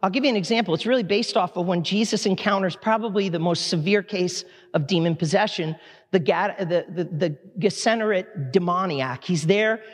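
A man preaching a sermon in a church, impassioned but conversational, with quick asides to the congregation. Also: sits high. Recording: long hall reverb.

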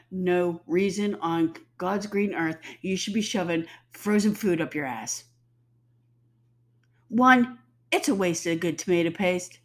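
A woman in her fifties with a stuffy nose and sore throat, ranting bluntly and profanely to the camera. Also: fairly low pitch. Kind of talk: casual rant to camera.

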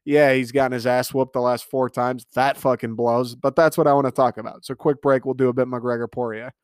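A man in his twenties riffs alone on his podcast, swearing freely and rambling with excitement. His voice sits at an ordinary middle pitch. The recording is dry and close, with no room sound. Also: fairly quick, smooth, no echo. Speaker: podcast host. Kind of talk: casual solo podcast monologue.

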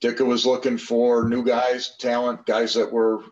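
An older man in his sixties sits in as a podcast guest and spins loose, rambling anecdotes, circling back with fillers and restarts. His mid-pitched voice comes through a slightly dull, lo-fi recording. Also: monotone, measured pace, a little mellow. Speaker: podcast guest, former football player. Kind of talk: casual storytelling interview.

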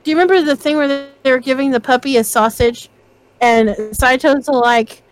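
A woman co-hosting a casual podcast, retelling scenes in an animated way and quoting characters. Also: sits high, normal speed, poor audio. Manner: animated storytelling, quotes characters. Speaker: podcast co-host.

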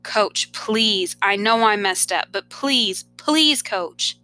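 A woman's voice: mid-range voice, slow pace, sharp tone, faint music behind. A woman reading aloud, voicing a desperate teenage boy who begs urgently. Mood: pleading. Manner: pleading, urgent.

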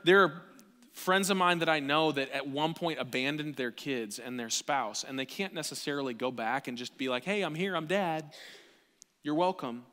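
In a church sanctuary, a pastor in his thirties with a mid-range voice delivers an animated sermon. He shifts from quiet asides to near shouts, and a long reverb tail follows his words.

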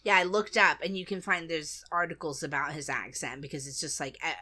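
Chatty woman, low voice. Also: fairly even intonation, brisk, pushed and bright. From United States. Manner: chatty, laughs often, trails off mid-sentence. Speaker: podcast co-host. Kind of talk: casual chat.

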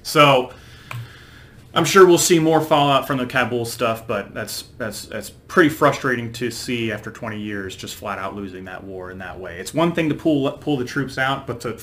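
A man co-hosting a casual political chat podcast, earnest and halting, often repeating words as he restarts. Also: medium pitch, a bit bright, a little hiss or hum. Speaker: podcast co-host.

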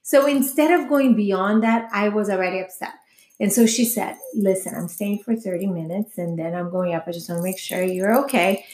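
A woman's voice: mid-range voice, normal speed, a little mellow. Woman telling a wild dating story, swears a lot, acts out the dialogue, echoey room. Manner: candid, profane storytelling with quoted dialogue. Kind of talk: casual chat.

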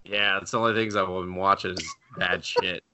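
A man's voice: low-pitched, fairly even intonation, normal speed, pushed and bright, clear, resonant tone. A man co-hosting a podcast in casual chat, rambling and laughing as he acts out voices in his retellings. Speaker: podcast co-host.

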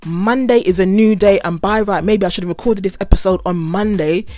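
A woman's voice: medium pitch, fairly quick, warm tone, dry recording, soft background music. A woman hosting a podcast, venting in a casual monologue with sarcastic, exasperated remarks and repeated phrases. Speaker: podcast host.

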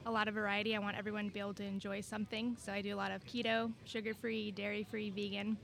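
A woman from Minnesota who owns a bakery, answering interview questions softly and briefly. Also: mid-range voice, flat delivery, quick pace, vocal fry. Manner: soft-spoken, brief answers, laughs easily. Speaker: bakery owner, guest. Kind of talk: casual interview.

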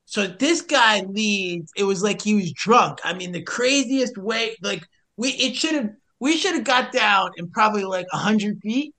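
A man's voice: high-pitched, unhurried, few pauses. A man telling a story in a casual podcast chat, acting out both sides of the dialogue with sudden rises in voice. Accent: American. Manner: animated, acts out the dialogue in a raised voice, swears mildly. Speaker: podcast guest, hiker and rescuer.

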